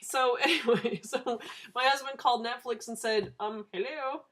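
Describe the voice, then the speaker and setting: A woman's voice: a little high, fairly even intonation, normal speed, a bit bright. A woman in her thirties chatting casually to a camera for her video diary, rambling from topic to topic and laughing often. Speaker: vlogger. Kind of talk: casual chat.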